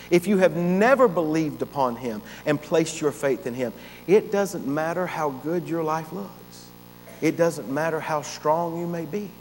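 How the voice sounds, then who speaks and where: A man preaches a sermon, and his fairly high voice carries long reverb through a church sanctuary. He builds with forceful emphasis and dramatic pauses. A faint hum sits beneath the recording. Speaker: pastor.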